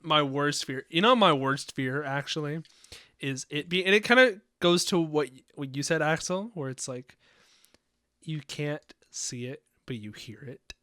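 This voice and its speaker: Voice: medium pitch, measured pace, a bit bright, no room sound, studio quality. A friend in casual chat who chimes in with jokes and quips. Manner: joking commentator chiming in.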